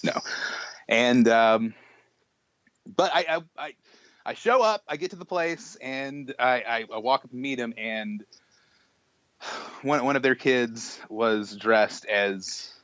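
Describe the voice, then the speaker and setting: A young man co-hosting a podcast, telling an animated story in casual chat, full of restarts and acted-out quotes. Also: medium pitch, takes it slowly, long pauses, dry recording, muffled recording. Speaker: podcast co-host.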